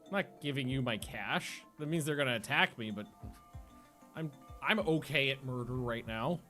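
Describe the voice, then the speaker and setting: With soft music playing in the background, a man streams a game and chats in a loose, rambling way, often stopping himself mid-sentence and laughing at his own stories. His medium-pitched voice sounds pushed and bright, at normal speed.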